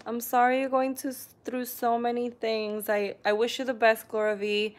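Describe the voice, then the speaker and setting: A woman casually chatting on a live stream, reading viewer comments aloud and often clearing her throat. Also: a little high, flat delivery, moderate pace. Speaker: vlogger hosting a live stream.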